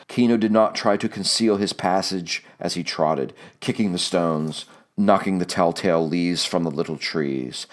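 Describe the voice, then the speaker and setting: A man narrating an audiobook in a measured, deliberate way. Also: deep voice.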